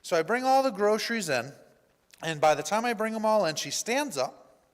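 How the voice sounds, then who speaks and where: A male pastor giving a personal testimony in a church, telling his story in an animated way and acting out the dialogue. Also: high voice, normal speed. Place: church sanctuary. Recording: reverberant church hall.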